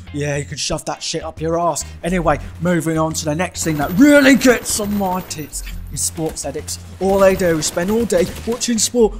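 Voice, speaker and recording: A young man delivering a crude, sweary comedic rant, mocking people and bursting into shouts. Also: sits high, animated, moderate pace, soft background music. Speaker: gaming channel ranter.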